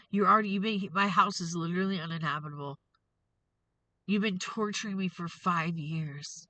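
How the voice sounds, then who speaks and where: A woman's voice: on the low side, normal speed, long pauses, sharp tone, rough recording. A woman hosting a tarot reading vlog, ranting in an angry, profane, confrontational way. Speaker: tarot reader and show host.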